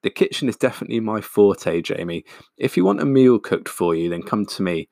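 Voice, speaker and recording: A man's voice: on the low side, expressive, brisk, vocal fry, mellow, dry recording, clean studio sound. A man voicing an eager, overly earnest middle-aged dad who talks in an effusive, apologetic way.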